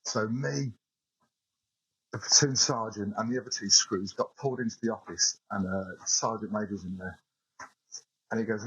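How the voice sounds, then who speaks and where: Sweary ex-soldier on a muffled voice note. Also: male voice, on the low side, fairly even intonation, normal speed, long pauses, fairly bright tone, breathy edge. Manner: sweary, laughing barrack-room storytelling. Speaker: listener sending a voice note. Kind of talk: casual anecdote. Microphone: phone voice note.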